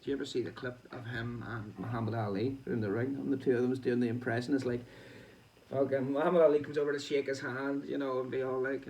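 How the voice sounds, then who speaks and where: A man's voice: medium pitch, fairly even intonation, quick pace, a little mellow, recorded from a distance, a little hiss or hum, poor audio. A man hosting a boxing show, reading news aloud and breaking off into chatty, sweary asides with laughing comments.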